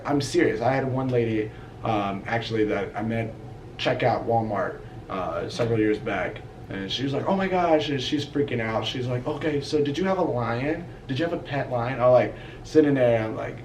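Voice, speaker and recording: A man from Ethiopia talks casually, lively as he acts out the people in his stories. He sounds roomy and a little distant, recorded in a hotel lobby. A faint hum of noise sits behind him. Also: medium pitch, moderate pace. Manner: animated storyteller, acts out quoted people. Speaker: discussion guest. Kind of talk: casual chat.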